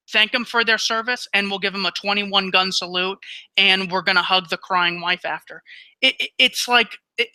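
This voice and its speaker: A man hosts a casual political discussion in a high, piercingly bright voice. He stumbles and repeats words as he gets going, and the sound is dry and close. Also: dry recording, rough recording. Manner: stammering, repeating words as he starts sentences. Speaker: podcast host.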